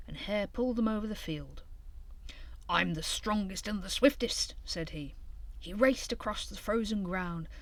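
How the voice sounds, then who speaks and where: A woman reading a children's storybook aloud in an expressive, lively way. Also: mid-range voice, no echo.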